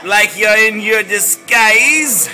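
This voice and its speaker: Bright, high-voiced teasing man. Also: takes it slowly, soft background music. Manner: teasing, eggs on the puppet, laughs a lot. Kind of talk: casual teasing banter.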